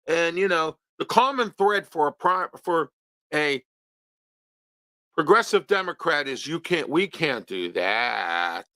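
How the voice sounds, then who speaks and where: A man's voice: sits high, sharp tone, dry recording. A man hosting an opinion talk show in a studio, ranting with rhetorical questions and repeating himself.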